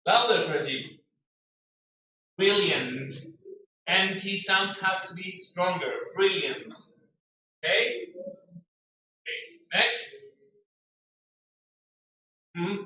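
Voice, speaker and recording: Male English teacher, high bright voice, slow drills, very echoey distant room. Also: wildly swooping pitch, lo-fi sound. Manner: brisk corrective commands. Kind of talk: classroom pronunciation drill. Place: classroom.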